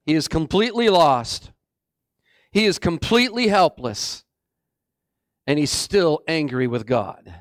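Male pastor, high voice, slow dramatic preaching, dry close sound. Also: expressive, no room sound. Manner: dramatic, swings between booming and hushed. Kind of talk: sermon.

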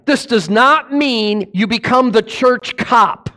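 A middle-aged man preaches with real fervor, his voice sitting high for a man. He rises to loud, urgent peaks and then drops low and quiet, throwing questions out to the congregation. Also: takes it slowly. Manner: impassioned, rising and falling, asks the congregation questions. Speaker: pastor. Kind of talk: sermon.

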